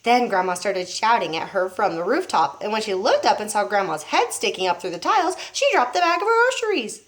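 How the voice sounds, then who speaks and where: A teacher reading a children's book aloud to young pupils, pausing to show the pictures. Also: female voice, mid-range voice. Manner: expressive, showing pictures as she reads.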